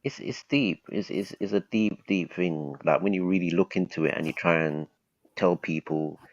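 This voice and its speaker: British male guest, very low voice, rambling and hesitant, muffled lo-fi call audio. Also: moderate pace, no echo. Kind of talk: casual conversation. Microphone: video call.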